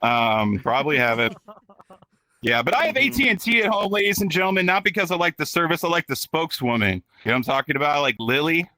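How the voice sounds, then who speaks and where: A man in his thirties from Texas, hosting a stand-up comedy show with a crude, rowdy manner, working the crowd and squeaking out voices for others. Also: animated, fast talker, pushed and bright, no echo. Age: 30s. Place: virtual reality comedy club with live audience.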